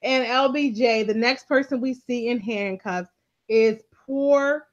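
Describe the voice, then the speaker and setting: A woman's voice: fairly high pitch, slow, lo-fi sound. A woman co-hosting a casual TV recap chat, telling the story with energy and acting out the characters' lines. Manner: animated storyteller, acts out quotes. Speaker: recap show co-host.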